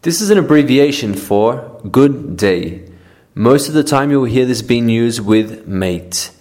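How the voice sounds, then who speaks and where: A man from Australia with an Australian accent, reading a scripted English lesson aloud and explaining terms in a steady, plain way. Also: mid-range voice, measured pace. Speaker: English teacher.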